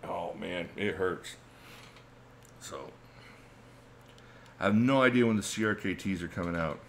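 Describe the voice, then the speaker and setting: Speaking a little slowly in a low voice with vocal fry, a middle-aged livestream host reads through chat comments over a little hiss or hum. He keeps it relaxed and chatty, laughing frequently.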